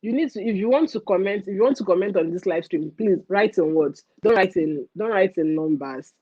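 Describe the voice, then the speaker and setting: A young woman with a Nigerian accent hosting a casual livestream rant, animated and mixing in pidgin phrases. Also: medium pitch, brisk, husky, no room sound, lo-fi sound. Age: young adult. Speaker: livestream host.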